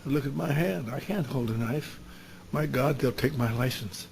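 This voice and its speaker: A man's voice: mid-range voice, normal speed, vocal fry, a little mellow, slight background noise, close to an everyday voice. A man voicing an anguished middle-aged male doctor who drinks, speaking with pleading, emotional exclamations.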